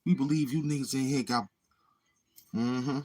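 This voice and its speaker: Rambling husky man hosting a livestream. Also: medium pitch, normal speed, mellow. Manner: rambling, with many murmured mm-hmms. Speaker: livestream host. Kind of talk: casual livestream monologue.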